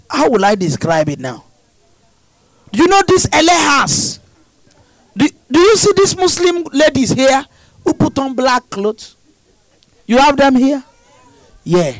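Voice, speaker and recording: A man preaching and praying over a congregation, shouting repeated prayer lines with passion. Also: very high-pitched, no room sound, rough recording. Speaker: pastor.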